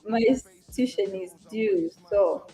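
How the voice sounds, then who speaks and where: Chatty East African woman, warm voice. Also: mid-range voice, animated, slow pace, creaky, soft background music. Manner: chatty, greets viewers by name and reads comments aloud. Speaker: live-stream trader and host. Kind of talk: casual live-stream chat.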